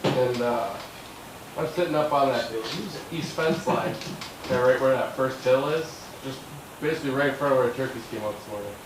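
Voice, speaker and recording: A man casually telling the story of his first buck, relaxed and easygoing. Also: medium pitch, brisk. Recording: echoey, distant, noisy camp recording.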